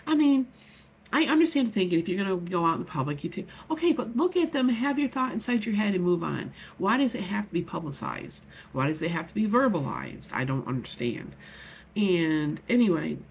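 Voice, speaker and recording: Earnest woman with a gravelly voice. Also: on the low side, darkish tone, slight background noise. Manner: earnest, heartfelt, rambling with many restarts. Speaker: vlogger. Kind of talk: emotional personal vlog.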